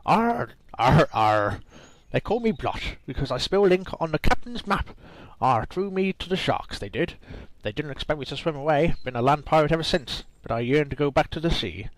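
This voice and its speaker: A man's voice: mid-range voice, brisk, dry recording, lightly acted, rough recording. A man reading a game's dialogue aloud, voicing a boastful, rum-loving old male pirate with growled "arr"s. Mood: blustering pirate.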